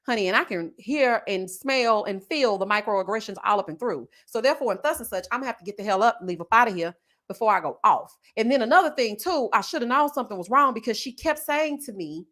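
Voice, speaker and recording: Animated and quick, with a fairly high, slightly bright voice, a Houston-born commentary channel host narrates a personal story. The young woman's storytelling chat is sassy and dramatic, complete with acted-out voices for the people she quotes.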